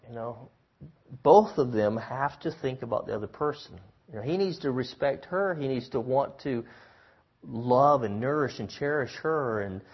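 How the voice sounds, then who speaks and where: A man's voice: mid-range voice, slightly rough, dull audio. A man giving a sermon as a pastor, talking in a casual, conversational way with lots of fillers and restarts.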